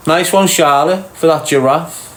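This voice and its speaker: A man's voice: on the high side, measured pace, a bit bright. A middle-aged man with a Liverpool accent, hosting a livestream and bantering crudely with viewers as he reads their comments aloud. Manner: teasing, crude, slangy. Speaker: livestream host. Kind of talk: casual banter reading chat comments.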